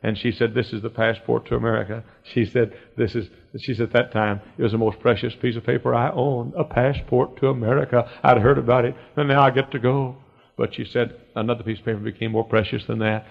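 A preacher with a gravelly, creaky voice delivers a folksy storytelling sermon that swells into loud, soaring exclamations. The recording is muffled and lo-fi, with a long reverb from a church sanctuary. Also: male voice, fairly even intonation. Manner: folksy anecdotes that build to loud, high, drawn-out exclamations.

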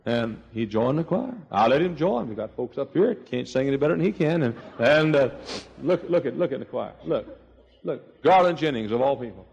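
An older man preaching a sermon, telling stories with emphatic swings between loud and hushed delivery. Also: medium pitch, lively intonation, brisk, vocal fry, slightly rough, muffled recording. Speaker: pastor.

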